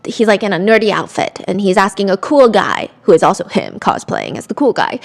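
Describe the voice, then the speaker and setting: A young woman hosting a podcast, telling a true-crime story with chatty, animated asides and quoted voices. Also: medium pitch, a little fast, creaky, few pauses. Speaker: podcast host.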